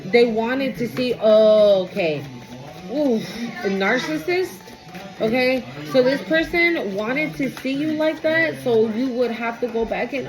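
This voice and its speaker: A woman's voice: fairly high pitch, a little slow, music in the background, rough recording. A woman giving a casual tarot reading, blunt, emphatic and full of swearing. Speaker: tarot reader.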